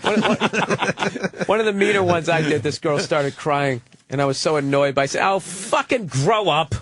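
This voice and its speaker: A man's voice: fairly high pitch, moderate pace. A man in a radio studio, telling stories animatedly and acting out arguments. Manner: animated storyteller, acts out arguments. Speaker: radio talk show panelist. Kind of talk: casual studio banter.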